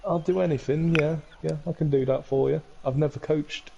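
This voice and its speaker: A man's voice: fairly high pitch, fairly even intonation, normal speed, gravelly, mellow, dull audio, slight background noise, voice pushed up. A man voicing a nervous, flustered male youth football manager who talks hesitantly and apologetically. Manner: hesitant and apologetic, full of "um" and "mate".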